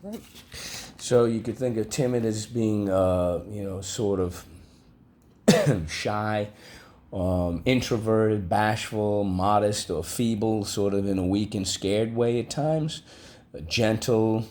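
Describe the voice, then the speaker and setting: Slow, low-voiced male teacher. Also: a little mellow. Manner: slow, deliberate, with drawn-out modeled words. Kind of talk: vocabulary and phonics lesson.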